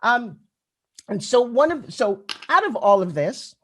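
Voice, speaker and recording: Using a fairly high-pitched, slightly slow voice, a middle-aged woman tells stories in a conference keynote. She's chatty and animated, addressing the audience directly.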